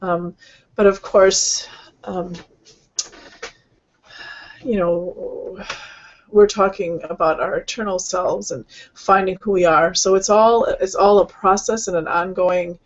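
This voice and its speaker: A woman hosting an online healing session, speaking gently and rambling, with many fillers and restarts. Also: mid-range voice, steady tone, slow pace, long pauses, highs cut off. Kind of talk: casual spiritual talk.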